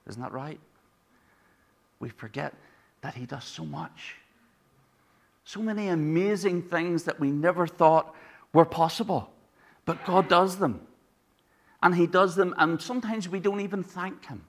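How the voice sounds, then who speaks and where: A man's voice: high voice, unhurried, pauses often. A man from Ireland with an Irish accent, preaching a sermon in a conversational way, telling stories and asking the congregation rhetorical questions.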